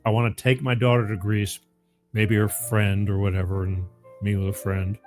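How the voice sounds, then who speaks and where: A man's voice: fairly low pitch, level tone, moderate pace, a little mellow, soft background music. A middle-aged man hosting a call-in show, chatting casually and rambling, with frequent laughs and repeats. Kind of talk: casual call-in radio chat.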